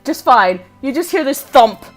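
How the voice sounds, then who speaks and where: A woman's voice: high-pitched, expressive, normal speed, soft background music. A woman running a tabletop game as game master, narrating playfully with frequent laughter.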